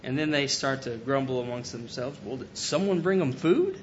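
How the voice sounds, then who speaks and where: A man's voice: animated, moderate pace. A man preaching a sermon, earnestly retelling scripture and paraphrasing it in casual everyday speech. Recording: dull lo-fi recording with faint rumble.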